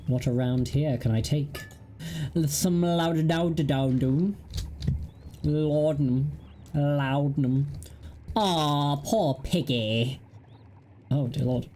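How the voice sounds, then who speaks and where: A woman's voice: low voice, slow pace, mellow, slight background noise. A young woman streaming a horror game, joking at herself and reacting aloud in a playful, casual way. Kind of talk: casual live gameplay commentary. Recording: stream with faint game music.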